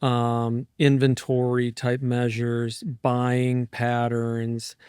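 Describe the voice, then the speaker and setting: A man in his fifties, a market strategist guest in an interview, talking in an energetic, rambling, digressive way. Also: medium pitch, extremely slow, clean tone, no room sound, studio quality. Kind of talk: casual interview talk.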